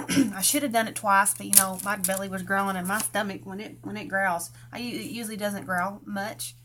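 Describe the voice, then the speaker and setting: A woman's voice: medium pitch, fairly even intonation, moderate pace, background noise. A woman with a Southern US country accent, from Tennessee, chatting folksily while hosting a live craft tutorial and greeting viewers by name. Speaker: craft channel host.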